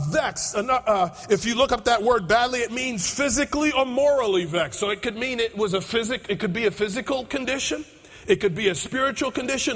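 A man preaching a sermon as pastor, repeating his phrases and building up to shouts. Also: very high voice, breathy edge. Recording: echoey hall with long reverb.

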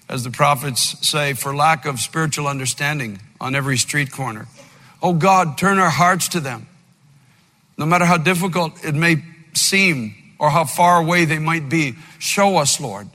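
An older man preaching an impassioned sermon, moving between loud fervent outbursts and low, quiet storytelling. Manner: fervent preaching, by turns shouting and dropping low, with storytelling asides. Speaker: pastor. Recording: long reverb of a big hall, faint music.

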